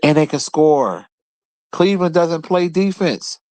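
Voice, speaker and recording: An animated man hosts his own show, trash-talking basketball rivals in a blunt and profane casual rant. His voice sits a bit high and swings widely up and down. The sound is dry and close. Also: a little slow, no echo. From Philadelphia area. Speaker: host.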